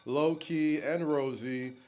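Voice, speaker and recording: A man's voice: on the high side, steady tone, slow, darkish tone. A man co-hosting a podcast in playful, joking casual chat. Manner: playful, joking, loose delivery. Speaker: podcast co-host.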